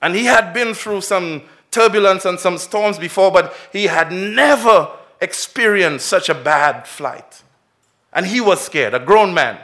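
A man's voice: sits high, unhurried. A man preaching a children's sermon, telling a story with big swells and drops, then asking many direct questions. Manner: expressive storytelling, swells and drops in loudness and pace. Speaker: pastor.

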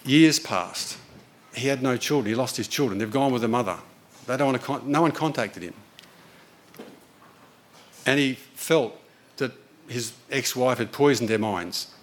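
Man, sermon, earnest, conversational storytelling, mid-pitched voice. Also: moderate pace, long pauses, a little hiss or hum. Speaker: preacher.

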